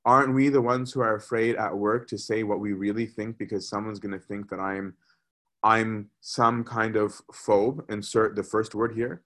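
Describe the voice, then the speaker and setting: A man's voice: on the low side, fairly even intonation, moderate pace, fairly bright tone. A man giving a conversational sermon as a priest, often repeating words as he gathers his thoughts.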